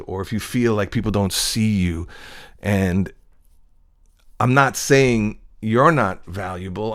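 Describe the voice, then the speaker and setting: A man's voice: on the low side, no room sound, clean studio sound. A man talking in a casual monologue, telling a film story in an earnest, rambling way, full of restarts. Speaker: host.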